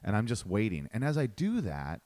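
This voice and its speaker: A man's voice: on the low side, brisk, no room sound. A man telling a story in casual chat, acting out the people in it. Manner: animated, acts out quotes.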